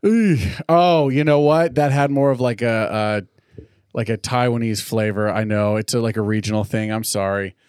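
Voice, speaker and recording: A man's voice: fairly low pitch, normal speed, a little mellow, smooth, dry recording, studio quality. A man co-hosting a casual whiskey-tasting podcast, rambling, joking and poking fun at himself. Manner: joking, rambling, self-deprecating. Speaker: podcast co-host.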